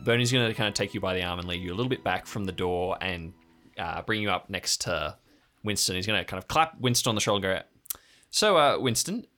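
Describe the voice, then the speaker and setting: A man narrating as game master of an improvised tabletop game, loose and quick with fillers. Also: low-pitched, bright, forceful tone.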